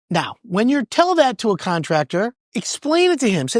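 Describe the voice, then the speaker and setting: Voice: mid-range voice, big pitch swings, moderate pace, hardly any pauses, no room sound, clean studio sound. A podcast host giving casual, conversational advice on home improvement, often repeating words and acting out both sides of a conversation.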